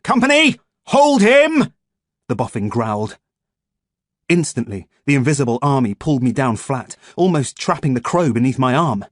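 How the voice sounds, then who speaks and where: Reading an audiobook, a man delivers the story at an even, measured pace in a medium-pitched voice. The studio-quality recording carries no room sound.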